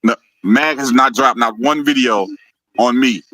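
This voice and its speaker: Male live-stream host. Heated and mocking, bright forceful voice, very dry sound. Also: medium pitch, unhurried, no echo, poor audio. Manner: heated, mocking, laughs often, stumbles and repeats words. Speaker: host of a live video show.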